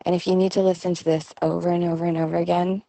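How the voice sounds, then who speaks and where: A middle-aged woman hosting a podcast, telling a personal story in a lively way and acting out the voices of people she quotes. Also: on the low side, fast, creaky, no echo. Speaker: podcast host. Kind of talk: storytelling monologue.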